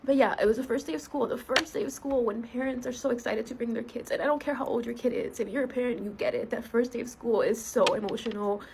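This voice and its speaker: Gravelly-voiced emotional woman therapist. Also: on the high side, fairly even intonation, noisy background. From United States. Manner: emotional, halting, heartfelt. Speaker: school therapist. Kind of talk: personal video monologue.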